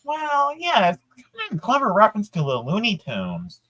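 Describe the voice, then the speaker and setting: A woman chatting casually as a guest in an animated, swooping voice. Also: mid-range voice, moderate pace. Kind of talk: casual chat.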